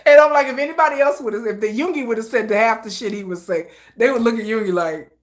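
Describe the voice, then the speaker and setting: A woman's voice: fairly high pitch, quick pace. A woman hosting a casual livestream chat, talking in a slangy, conversational way and laughing often between her thoughts. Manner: chatty, laughs often, animated asides. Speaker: livestream host.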